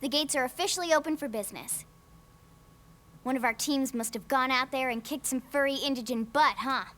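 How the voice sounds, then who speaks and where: An actor playing an eager, brash young squad member who is itching for action. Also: male voice, extremely high pitch, brisk, pushed and bright. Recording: game audio with faint music.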